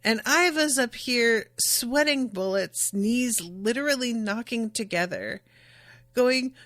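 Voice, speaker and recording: A woman's voice: fairly high pitch, slow, a bit bright, no echo, studio quality. A woman podcast host chattily recapping an anime episode, with lots of fillers. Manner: chatty, enthusiastic, many fillers.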